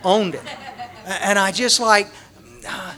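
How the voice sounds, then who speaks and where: High-voiced man telling a story. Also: slow pace, some chatter behind. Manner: animated, acts out scenes, frequent restarts. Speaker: recovery conference speaker. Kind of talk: storytelling talk to a large audience.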